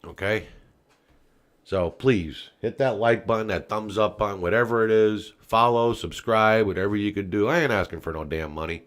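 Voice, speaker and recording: Man, podcast host, lowish voice, profane, heated ranting, folksy, talks straight to viewers. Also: normal speed. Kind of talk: political commentary podcast.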